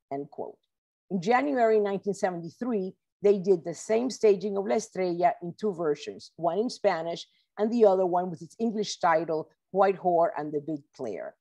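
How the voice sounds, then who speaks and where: A woman professor giving an academic book talk read from a script, measured, with occasional self-corrections, over a video call. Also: fairly low pitch, mellow.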